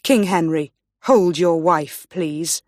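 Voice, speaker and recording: A woman's voice: lowish voice, darkish tone, no echo, studio quality. Grim, menacing lord, read by a woman. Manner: slow, threatening commands.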